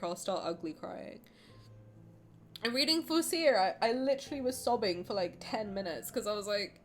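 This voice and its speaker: A woman's voice: on the high side, a bit bright. A woman streamer reads a game story aloud and reacts to it with effusive, emotional chatter. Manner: effusive, emotional, laughs often.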